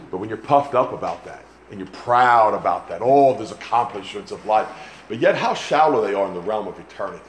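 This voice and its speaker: A man preaching a sermon, climbing to loud emphatic peaks and dropping back to low, quiet asides. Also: sing-song, brisk, a little hiss or hum. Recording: echoey room with faint ambience.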